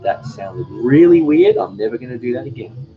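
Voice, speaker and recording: Soft-spoken man. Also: mid-range voice, narrow, tinny audio, faint music behind. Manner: relaxed, rambling, with pauses. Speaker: cooking channel host. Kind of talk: casual live chat, reading viewer comments.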